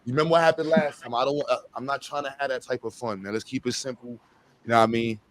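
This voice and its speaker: A man's voice: mid-range voice, steady tone, fast talker, a little hiss or hum. A man hosting a casual comedic reaction show, swearing and laughing in slangy banter. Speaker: podcast host.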